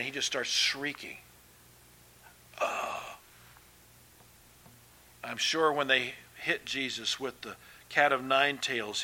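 A man preaching a sermon as pastor, emphatic and swinging between loud and soft, with conversational asides and restarts. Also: medium pitch.

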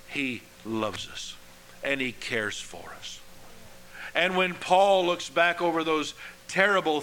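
A man preaching a sermon in a slow, earnest way, letting his phrases drop softly at the ends. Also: medium pitch, slight background noise, rough recording.

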